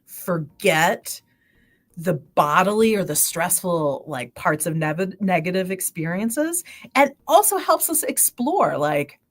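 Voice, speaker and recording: A woman scientist, a guest on a livestream, explaining sleep and dreams with lively examples. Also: fairly low pitch. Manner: animated, explains with quick examples. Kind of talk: livestream interview.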